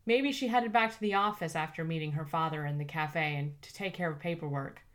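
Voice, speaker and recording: A woman voicing a direct, guarded young woman investigator in an audiobook, slightly above her narrating pitch. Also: a little fast, natural voice. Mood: matter-of-fact. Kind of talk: audiobook character voice.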